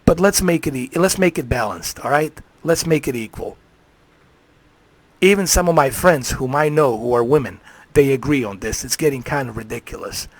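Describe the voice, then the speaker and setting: A man's voice: mid-range voice, normal speed, no room sound. A man ranting on a live stream, heated and profane, swearing freely.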